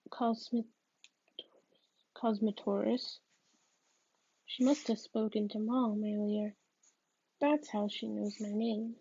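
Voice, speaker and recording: A woman's voice: fairly high pitch, little pitch movement, takes it slowly, creaky, warm tone, slightly rough, no echo, lo-fi sound. A woman reading a novel aloud, hesitant and often restarting her sentences. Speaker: reader.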